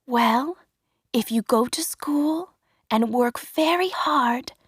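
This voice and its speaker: A woman voicing a kind, gentle fairy who speaks softly and slowly. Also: high-pitched, no room sound, clean studio sound, voice pushed up, full character voice. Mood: hushed. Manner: soft, gentle and slow, sometimes hushed.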